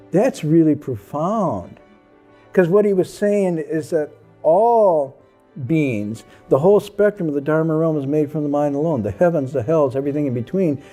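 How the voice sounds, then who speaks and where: A man who is a Buddhist monk, telling stories about his teacher and acting out the people in them. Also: a little high. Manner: animated, acts out the people in his story. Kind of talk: anecdotal storytelling.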